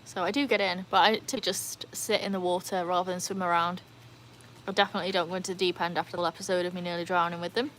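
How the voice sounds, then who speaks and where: A woman's voice: level tone, racing, a bit bright, a little hiss or hum. Chatty British woman live-streaming. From United Kingdom. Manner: chatty, bursts into high cheering whoops. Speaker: livestream host. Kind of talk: casual live-stream chat.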